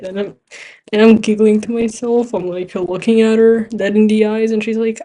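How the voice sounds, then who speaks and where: Teen girl, second-language English speaker, mellow tone, rambling, giggly, casual storytelling over gameplay. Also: medium pitch, level tone, moderate pace. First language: not English. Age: teens. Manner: rambling, giggly, with many restarts and fillers. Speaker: gaming vlogger.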